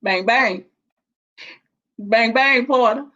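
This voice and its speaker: A woman chats on her livestream, greeting viewers as baby and child. Her voice sits a little high and she takes her time with every word. The stream audio sounds dull and lo-fi. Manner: warm, affectionate, drawn-out and emotional, calling viewers baby and child. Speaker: livestream host. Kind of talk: casual livestream chat.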